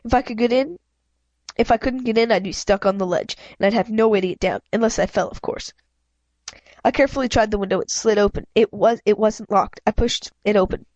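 A woman's voice: medium pitch, darkish tone, dry recording, dull audio. A woman reading a children's novel aloud in first person, often stumbling and correcting herself. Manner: halting, frequent self-corrections. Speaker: reader.

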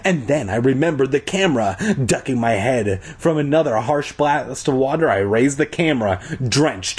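A man's voice: normal speed, hardly any pauses, husky. A man reading a children's book aloud in a comedic way, adding crude joking asides. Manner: lively, rises high for quoted lines. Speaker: reader.

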